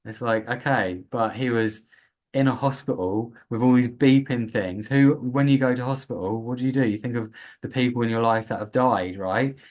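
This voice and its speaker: A man from the UK talking casually as a guest on a podcast interview, animated and acting out the voices he quotes. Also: medium pitch, normal speed. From United Kingdom. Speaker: patient advocate guest.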